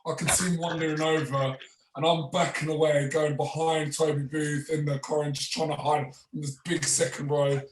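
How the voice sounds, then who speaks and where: A man's voice: fairly high pitch, normal speed, background noise. A man, a former rugby player guesting on a podcast, telling casual anecdotes with frequent chuckles and acted-out quotes. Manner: relaxed, chuckles often, acts out others' lines. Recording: roomy, distant mic.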